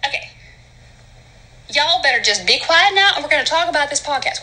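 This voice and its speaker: A woman's voice: sits high, big pitch swings, normal speed, pauses often, poor audio. A woman hosting a podcast in a goofy, rambling comedic monologue, laughing and jumping from bit to bit. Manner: goofy, loud, laughing, jumping between bits. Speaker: podcast host.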